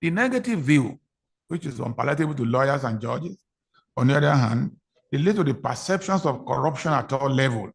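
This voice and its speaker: Gravelly-voiced Nigerian man giving a formal address. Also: medium pitch. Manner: formal, deferential, repeats key phrases for emphasis. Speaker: senior lawyer giving an address. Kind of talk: formal ceremonial speech. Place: courtroom ceremony.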